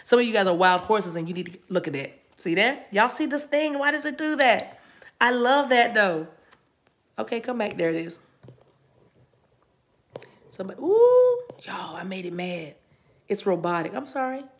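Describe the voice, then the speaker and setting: A woman's voice: mid-range voice, animated, normal speed, a bit bright. A woman giving a chatty spiritual reading to her viewers. She talks in a casual, playful way, laughs often and breaks into snatches of song. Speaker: tarot reader.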